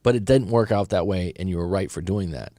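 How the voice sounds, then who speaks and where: A man's voice: sits low, a little fast, dark tone, dry recording, studio quality. A middle-aged man hosting a breakup coaching stream, giving blunt, conversational advice to a viewer and often restarting his sentences. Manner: blunt, conversational, repeats and restarts, calls listener bro. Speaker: breakup coach and show host. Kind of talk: live-stream advice talk reacting to a viewer story.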